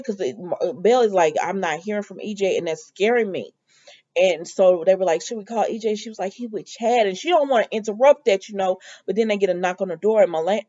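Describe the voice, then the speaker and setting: A woman's voice: medium pitch, muffled recording. A woman vlogger casually recapping a soap episode, retelling scenes with quoted lines and speech. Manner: animated retelling with quoted dialogue.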